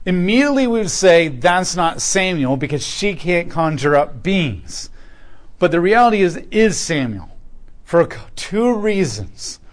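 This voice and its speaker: A man teaching a Bible lesson in a sermon style, explaining scripture with emphatic delivery. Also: a little high. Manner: emphatic, rising and falling in loudness when reading scripture. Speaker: pastor teaching a Bible class.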